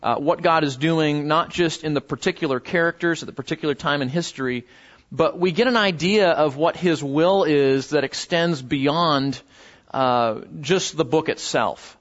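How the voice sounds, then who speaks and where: A pastor preaching a sermon in a conversational way, with many fillers and repeated words, and sudden high jumps in pitch when he quotes someone. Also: normal speed, lo-fi sound. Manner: voices biblical figures with sudden pitch jumps.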